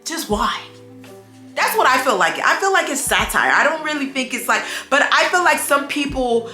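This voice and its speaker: A young adult woman chatting casually for her vlog, sassy and playful, with animated storytelling and quick asides. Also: high voice, roomy sound, soft background music. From United States. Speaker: vlogger. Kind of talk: casual chat. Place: home room with a dog.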